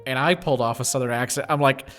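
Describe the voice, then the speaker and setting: A man's voice: medium pitch, fast, a bit bright, faint music behind. A man hosting a livestream panel, chatting in a playful, teasing way and laughing often. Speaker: livestream host. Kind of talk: casual panel chat.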